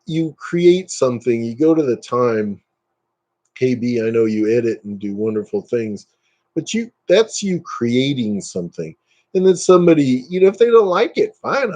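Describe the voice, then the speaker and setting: A man hosting a casual live stream, chatting with viewers and ranting dismissively, his pitch jumping up when he gets worked up. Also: dark tone.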